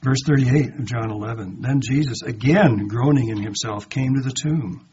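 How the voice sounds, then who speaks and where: A man of middling pitch leads a conversational Bible study, reading a passage and then stopping to ask his listeners rhetorical questions. He acts out the quoted lines with lively emphasis. The recording is dull and lo-fi, with a faint hiss of background noise behind him. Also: moderate pace. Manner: reads verses aloud then comments with rhetorical questions. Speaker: Bible teacher.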